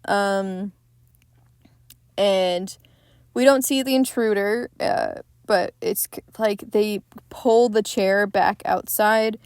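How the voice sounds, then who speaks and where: A young woman hosting a podcast, casually recapping a film in a candid, excitable way, with frequent swearing. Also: medium pitch, slow pace, clean tone, no echo. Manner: profane, candid and excitable retelling. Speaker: podcast host.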